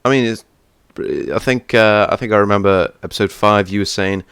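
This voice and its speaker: Deep-voiced young man joking around. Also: steady tone, moderate pace, a bit bright, clean tone, dry recording, studio quality. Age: young adult. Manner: joking, rambling, teasing. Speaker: co-host reviewing a TV series. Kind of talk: casual chat.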